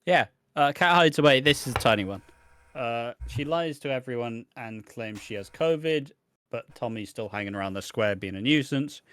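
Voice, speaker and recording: A man's voice: mid-range voice, moderate pace, a bit bright, clean tone. Sweary casual male podcast co-host. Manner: sweary, chatty, acts out quotes in mocking voices. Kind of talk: casual chat recapping a soap opera.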